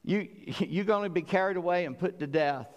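A man preacher voicing a calm, reassuring male teacher who speaks kindly. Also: sits high, normal speed, big-room sound, lo-fi sound, lightly acted.

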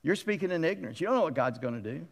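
Middle-aged male pastor, raised pitch, gravelly edge; lively, joking sermon delivery, recorded in a sanctuary with long reverb. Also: very fast. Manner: conversational and animated, acting out quotes with humorous asides. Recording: long reverb of a large hall.

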